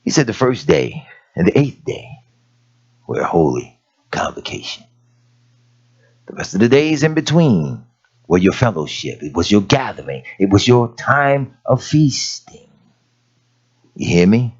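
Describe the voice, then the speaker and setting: A man preaching a sermon in a folksy, animated way, dropping to hushed asides and rising to sudden shouts. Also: lowish voice, measured pace, long pauses, husky. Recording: dull lo-fi recording.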